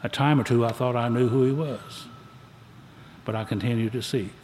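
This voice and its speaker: An older man tells his own story to a recovery meeting in a plainspoken, folksy drawl. His mid-pitched voice carries through a reverberant hall, with a faint hum of room noise underneath. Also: fairly even intonation, normal speed, darkish tone.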